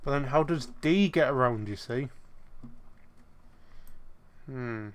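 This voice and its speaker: Casual gamer muttering through puzzles. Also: male voice, mid-range voice, slow pace. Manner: casual, muttering while thinking. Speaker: gaming YouTuber. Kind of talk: let's-play commentary.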